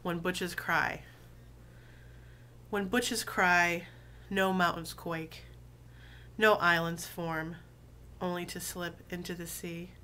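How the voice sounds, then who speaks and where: Sick woman vlogger, voice dropped low, slow and easy, bright tone, reads poems aloud. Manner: relaxed, many um fillers, deliberate drawn-out reading. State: sick, voice lower than usual. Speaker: video blogger reading poetry. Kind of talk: casual chat and slow poetry reading.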